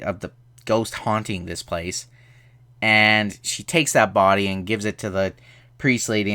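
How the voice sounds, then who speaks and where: A young man casually reviewing a movie, animated and exasperated, often jumping into high mocking voices.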